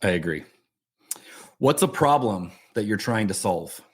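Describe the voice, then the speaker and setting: A man's voice: lowish voice, unhurried, husky. Conversational man hosting a podcast. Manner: conversational storyteller, animated. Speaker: podcast host. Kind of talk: podcast interview.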